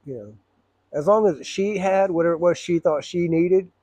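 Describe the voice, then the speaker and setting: A man's voice: high voice, normal speed, warm tone, no echo. Blunt rambling man. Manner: blunt, rambling, profane, frequent throat clearing. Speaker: storyteller. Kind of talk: personal storytelling.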